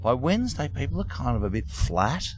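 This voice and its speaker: A man's voice: medium pitch, very animated, brisk, darkish tone, slight background noise. An older Australian man, a comedian, chatting wryly in a car with dry humour and a storyteller's manner. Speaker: comedian guest. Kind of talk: casual chat. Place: moving car.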